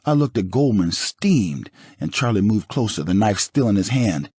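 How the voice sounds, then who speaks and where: Audiobook narrator, male, low husky voice, lively dramatic delivery, dry studio sound. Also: moderate pace, dry recording. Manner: dramatic, expressive reading. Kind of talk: first-person audiobook narration.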